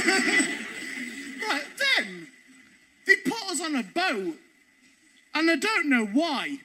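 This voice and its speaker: High-voiced cheeky comedian. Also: male voice, unhurried, very noisy. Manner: animated, cheeky, swears freely. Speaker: stand-up comedian. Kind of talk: stand-up storytelling.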